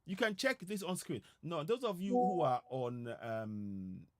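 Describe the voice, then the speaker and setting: Guy giving a fired-up broadcast speech, kinda high voice, dry close mic, keeps repeating himself to push people. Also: expressive, a little slow, no echo. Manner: urgent, repetitive, exhorting. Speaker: political commentator. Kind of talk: impassioned broadcast address.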